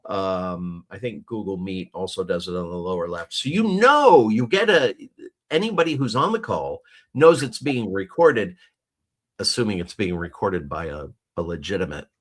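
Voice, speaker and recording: A man's voice: sits low, lively intonation, moderate pace, fairly bright tone. A man co-hosting a casual chat, talking in a loose, rambling way with many restarts and fillers, over a video call. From United States. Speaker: podcast co-host.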